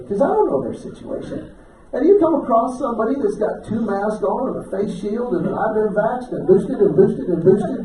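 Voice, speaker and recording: A man doing a stand-up comedy set, telling folksy stories and throwing quick questions to the audience. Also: extremely high pitch, dark tone, a little hiss or hum. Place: banquet hall with a live audience. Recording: roomy distant audience recording. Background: audience laughter.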